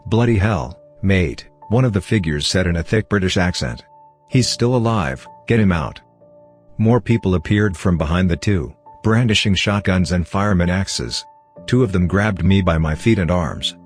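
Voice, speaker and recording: Deep-voiced man narrating horror. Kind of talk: scripted first-person horror narration. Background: faint background music.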